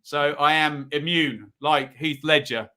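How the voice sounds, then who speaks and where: A man's voice: fairly high pitch, a little slow, bright, forceful tone. A man hosting a live football preview, chatting and reading out viewer predictions. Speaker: football podcast host.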